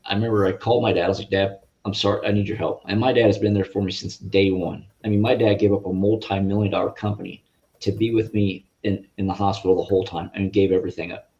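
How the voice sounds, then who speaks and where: A man giving a guest's personal faith testimony in an interview, in an earnest, halting and rambling way over a video call. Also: on the low side, little pitch movement, warm tone. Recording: muffled lo-fi audio.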